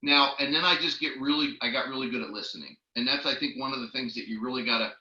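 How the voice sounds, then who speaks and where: A man giving a network marketing training talk as a lively storyteller, acting out the people he quotes. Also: mid-range voice, fast talker, echoey room, muffled recording. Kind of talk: training talk with personal stories.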